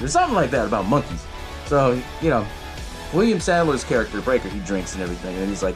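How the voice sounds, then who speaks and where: Man, podcast host, casual movie recap, swearing, lively swinging pitch, music playing behind. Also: fast talker, low-quality recording. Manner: loose, profane storytelling with frequent laughs.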